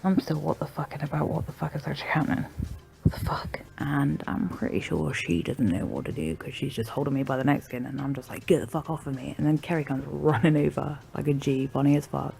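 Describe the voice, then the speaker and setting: A woman's voice: low voice, fast, gravelly, hardly any pauses, a little mellow. A woman telling a true story to viewers in a brash, sweary, mocking way. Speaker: story narrator.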